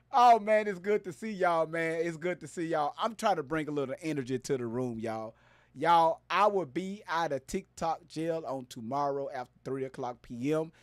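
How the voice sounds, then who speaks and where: A man hosting a casual live stream, loud and playful, hyping up his viewers and greeting them by name. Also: fairly high pitch, moderate pace, dry recording.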